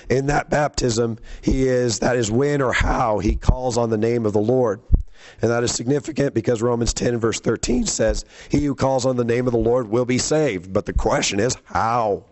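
A man's voice: medium pitch, a little mellow. A man preaching a sermon, teaching from scripture in a conversational way and quizzing his listeners with questions.

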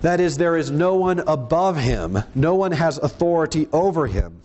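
Earnest male preacher, slowing for emphasis. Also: fairly high pitch, expressive, a little mellow, lo-fi sound, slight background noise. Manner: earnest, emphatic, slows down on key words. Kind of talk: sermon.

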